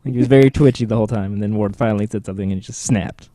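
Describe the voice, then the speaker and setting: A man's voice: fairly low pitch, racing, warm tone, no room sound, clean studio sound. A man co-hosting a podcast, chatting casually about TV episodes with joking, sarcastic asides. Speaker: podcast co-host. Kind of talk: casual TV recap chat.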